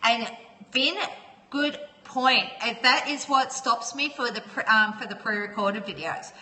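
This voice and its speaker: A chatty woman hosting a casual phone livestream and reading out viewers' names. Her voice is high and bright. The room gives it a long, lingering reverb. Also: measured pace, slight background noise. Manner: chatty, laughs often, greets viewers by name. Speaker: livestream host.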